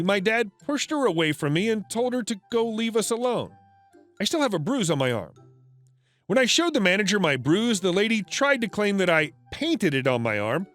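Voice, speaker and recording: High, lively male story narrator. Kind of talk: scripted narration of an online story.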